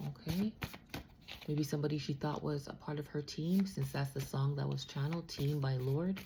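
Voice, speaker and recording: A woman with a low voice gives a tarot reading, repeating herself as she works through the cards. Her speech is emotional and intense. Clear background noise sits under her voice, along with the sound of cards being shuffled. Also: fairly even intonation, moderate pace. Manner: emotional, repeats phrases, drifts into soft sung lines. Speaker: tarot reader.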